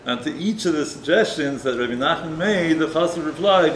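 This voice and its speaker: A man's voice: mid-range voice, normal speed, hardly any pauses. A man, a rabbi, preaching and telling a story in a conversational way, often ending points with a tag question. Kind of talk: sermon with storytelling. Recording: roomy echo, faint noise.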